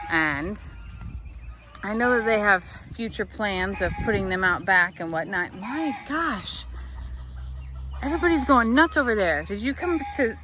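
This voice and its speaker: A woman, vlogging casually outdoors on a farm as she does chores and chats fondly to her animals. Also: on the high side. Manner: chatty, talks fondly to the animals. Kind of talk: casual vlog while doing farm chores. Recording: loud outdoor noise behind the voice. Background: chickens and a rooster clucking.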